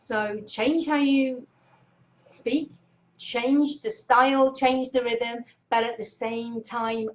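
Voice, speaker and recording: Energetic woman host coaching on camera; bright, excitable delivery, lo-fi webcam audio. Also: fairly high pitch, slow. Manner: excitable, energetic, greets viewers by name. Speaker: Facebook Live host and speaking coach. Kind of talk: casual live-stream coaching talk. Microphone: webcam clipped on monitor.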